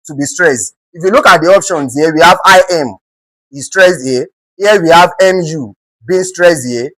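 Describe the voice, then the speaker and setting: A man's voice: on the high side, moderate pace, pushed and bright, dry recording, rough recording. A man with a Nigerian accent teaching an exam-prep English lesson, often checking in with rhetorical questions and repeating words for emphasis.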